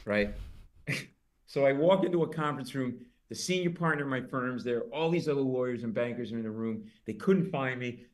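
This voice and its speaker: Middle-aged man, comedian, storytelling, animated, shouty character voices. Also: a little fast. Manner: animated anecdote with loud high character voices. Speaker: comedian guest. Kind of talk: storytelling in an interview.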